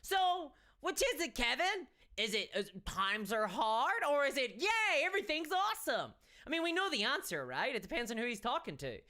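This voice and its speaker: A woman's voice: on the high side, very animated, normal speed, few pauses, sharp tone. An Irish woman hosting a casual live stream, chatty and wry, with frequent restarts. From Ireland. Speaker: miniatures channel host.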